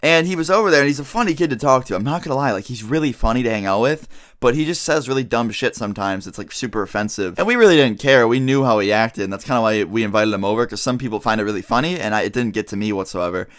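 A man's voice: mid-range voice, expressive, fast, fairly bright tone. A young man telling a story to his viewers in a casual, rambling way, swearing often and saying "like" a lot. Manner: rambling and profane, heavy use of "like". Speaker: vlogger.

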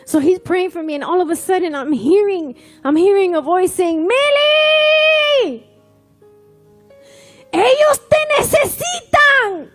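High-voiced woman telling her story. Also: brisk, hardly any pauses, faint music behind. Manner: animated storytelling, acts out quoted dialogue. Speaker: testimony speaker. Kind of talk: personal testimony.

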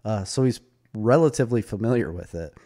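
A man's voice: fairly low pitch, brisk. A man co-hosting a podcast, casually reviewing a movie and retelling anecdotes with laughter. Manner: animated storyteller, retells anecdotes with quoted voices; laughs often. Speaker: podcast co-host.

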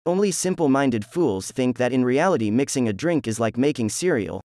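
A man's voice: mid-range voice, expressive, moderate pace, darkish tone, no room sound, studio quality, lightly acted. A man voicing a rude, lazy, cocky young male ninja who talks in crude, mocking insults, in a fan story reading.

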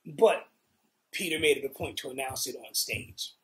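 A middle-aged man with a New York accent telling profane, animated stories in a casual interview. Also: medium pitch, moderate pace. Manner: profane, animated, acts out quotes. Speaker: interviewee, guitarist. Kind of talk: casual storytelling.

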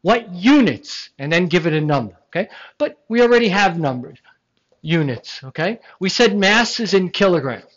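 A science lecturer giving a classroom lecture, animated and emphatic, with rhetorical questions and jokes. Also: medium pitch, moderate pace, highs cut off.

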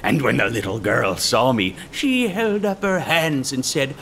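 Slow, lively comic pirate storyteller man. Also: lowish voice, slight background noise. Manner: gruff pirate grammar, dry comic timing. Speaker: narrator. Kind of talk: first-person storytelling as a pirate.

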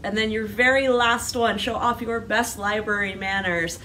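A woman's voice: mid-range voice, fairly even intonation, normal speed, few pauses. A woman working as a children's librarian, who leads storytime in a cheerful, sing-song manner and coaxes the children along. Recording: distant mic with background noise.

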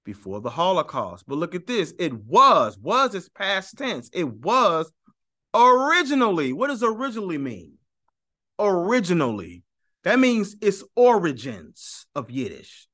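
A man's voice: high voice, wildly swooping pitch, unhurried, pushed and bright. A man giving an emphatic, argumentative teaching monologue on his channel, often repeating points for stress. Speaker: YouTube teacher.

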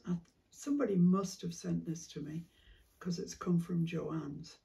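A woman with a strongly gravelly, fry-heavy voice chats unhurriedly through a casual craft vlog. She muses aloud and slips into soft whispered asides, coughing now and then. The mic sits well away from her. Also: on the low side, fairly even intonation, a little slow, far from the mic. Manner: chatty, musing, drops into soft whispered asides. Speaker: craft vlogger. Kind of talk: casual chat while sorting fabric.

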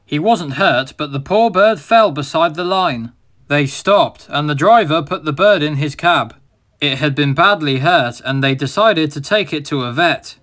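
A man reading a children's storybook aloud as narrator, in a steady, expressive manner. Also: fairly high pitch, unhurried.

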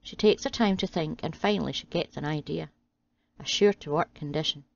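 A woman reading a string of jokes aloud in a steady, deadpan way. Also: low voice, a little fast, gravelly. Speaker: channel host reading jokes. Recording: dry, slightly dull home audio.

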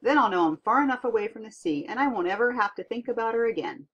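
Giant sailor boy, folksy and plain, bit husky, woman reading it, dull lo-fi sound. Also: a little high, animated, fast, a bit bright, pitched above the performer's own voice. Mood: earnest. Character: huge booming young giant sailor boy. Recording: dull lo-fi recording.

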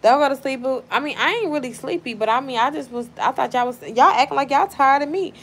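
A woman's voice: sits high, fast talker, fairly bright tone, breathy edge. A woman hosting a casual livestream, reading viewer comments aloud and answering them in a blunt, profane, playful way. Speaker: livestream host.

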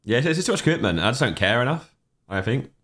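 A man's voice: medium pitch, very animated, fast talker, fairly bright tone. A young man, casually chatting on a livestream, rambling and reacting to chat messages with offhand opinions.

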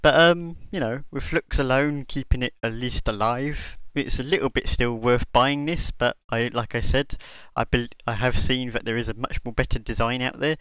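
Man, casual costume review, rambling, hesitant, smooth resonant voice, dry close sound. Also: mid-range voice, normal speed, few pauses, a bit bright, no echo, rough recording. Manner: rambling, hesitant, with many fillers.

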